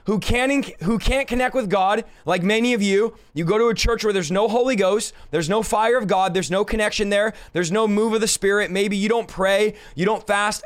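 A man hosting a podcast, giving a fervent preaching-style Bible teaching and exhorting the listener directly. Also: high voice. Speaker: podcast host.

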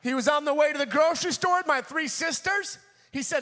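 A young man preaches in a large hall, his very high voice moving fairly quickly. He is an animated storyteller, recounting something from his own life and performing the voices of each person in it.

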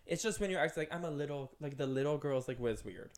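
A man's voice: mid-range voice, quick pace. A man in his twenties co-hosting a casual podcast chat, ranting with lots of fillers. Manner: ranting, animated, full of "like". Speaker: podcast co-host.

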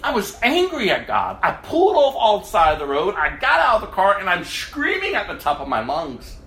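A man preaching his testimony with a high, animated voice that swings between hushed and loud. His tone is bright, and the sound carries the echo of a roomy space with faint ambience behind it. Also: brisk. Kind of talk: sermon testimony.

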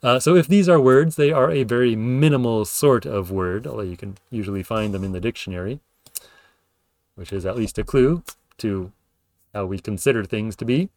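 A man's voice: mid-range voice, normal speed, a little mellow, no echo. A man hosting a spoken lecture, thinking aloud with fillers and self-corrections as he explains ideas. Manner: acts out example sentences with playful intonation. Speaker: podcast host explaining linguistics.

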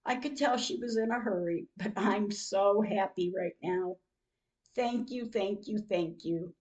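On poor audio, a podcast host speaks at a measured pace in a medium-pitched, gently mellow voice. She's an older woman recounting her day diary-style, reading dated entries and messages aloud with moments of emotion.

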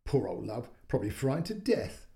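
A man's voice: medium pitch, sing-song, brisk, vocal fry, warm tone. A man reading a story aloud, voicing a friendly, easygoing neighbour of about fifty who talks in a chatty, colloquial way.

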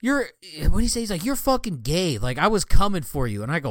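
A man's voice: high voice, big pitch swings, brisk, few pauses, a bit bright. A young man co-hosting a podcast, telling gaming stories in casual chat and acting out other players' lines with a laugh. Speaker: podcast co-host.

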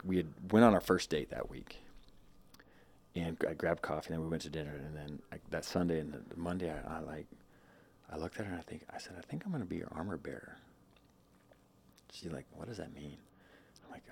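A man's voice: sits low, fairly quick, gravelly, a little mellow, slight background noise. A man in his thirties telling a personal story in a casual interview, rambling with many restarts and quoted asides. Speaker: guest.

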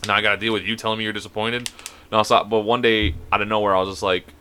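A man telling a long, profane story in a casual podcast chat, rambling and animated. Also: on the low side, fast talker, a little hiss or hum. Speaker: podcast co-host.

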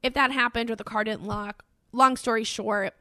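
A woman's voice: on the high side, fairly even intonation, moderate pace, bright, forceful tone, no echo. A woman, co-hosting a podcast, telling a long story with many likes and ums. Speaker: podcast co-host. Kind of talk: casual chat.

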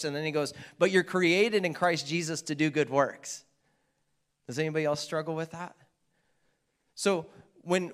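Man preaching with a light, higher voice. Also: a bit bright. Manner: conversational preaching with asides and jokes to the congregation. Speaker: pastor. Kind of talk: sermon. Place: church.

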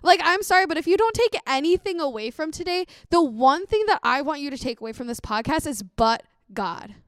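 A woman's voice: high voice, expressive, fast, fairly bright tone, no echo. A young woman on a faith podcast, earnest and encouraging, reading scripture aloud. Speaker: podcast co-host.

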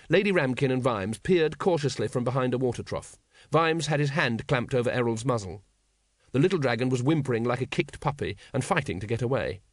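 A man narrating an audiobook in a measured, wry storytelling manner. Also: medium pitch, no echo, clean studio sound.

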